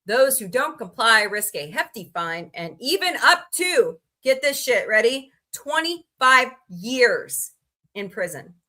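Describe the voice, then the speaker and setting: A woman's voice: on the high side, very animated, slow pace, pushed and bright. A woman hosting a comedy livestream, reading odd laws aloud with sarcastic asides and greeting viewers in chat by name. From United States.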